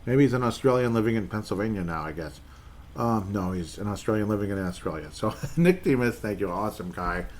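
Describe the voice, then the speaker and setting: Rambling low-voiced man hosting a podcast. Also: expressive, a little fast, a little mellow. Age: 40s. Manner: rambling, chatty, frequent self-corrections. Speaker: podcast host. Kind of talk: solo sports podcast, reading listener messages. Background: faint background noise.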